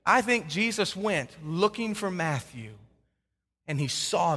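A male pastor preaching a sermon, swinging between loud emphasis and hushed tones. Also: high voice, lively intonation, takes it slowly, breathy edge. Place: church sanctuary with a congregation. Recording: long hall reverb.

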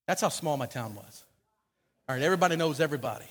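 A man's voice: on the high side, animated, fast, fairly bright tone, in a large hall. A man preaching a sermon, telling a joking personal story between scripture readings. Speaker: pastor.

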